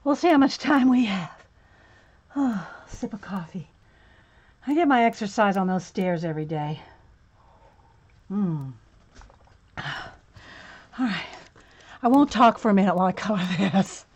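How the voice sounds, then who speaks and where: A woman's voice: mid-range voice, expressive, measured pace, long pauses, dull audio. A woman hosting a coloring livestream from home, chatting and laughing with viewers by name, out of breath after running to the mailbox. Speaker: adult coloring livestream host. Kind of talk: casual chat while coloring on a livestream.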